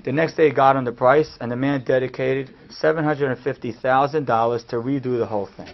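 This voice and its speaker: A man, a rabbi giving a class, telling a story in an animated way that swings from hushed to loud. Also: mid-range voice, brisk. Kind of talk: storytelling lecture. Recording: dull lo-fi recording.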